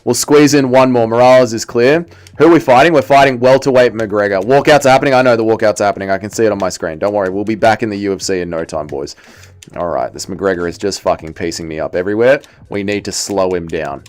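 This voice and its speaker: A young man live-streaming, chatting casually and excitably while he plays, swearing and reading chat aloud. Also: on the low side, quick pace. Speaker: livestreamer.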